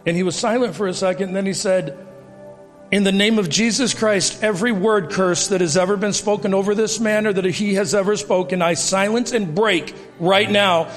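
Animated fifty-something man testifying in a church hall. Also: high-pitched, a little fast. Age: 50s. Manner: animated storytelling, acting out quoted dialogue, laughing at himself. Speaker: guest speaker giving testimony. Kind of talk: testimony and preaching to a congregation. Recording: reverberant hall with faint music.

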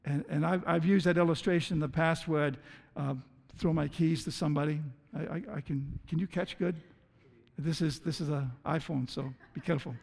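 A man with a notably high voice preaches a sermon to his church. He speaks earnestly, often tripping over and repeating words before pressing on. A long hall reverb trails every phrase. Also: steady tone, brisk, gravelly, darkish tone. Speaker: pastor.

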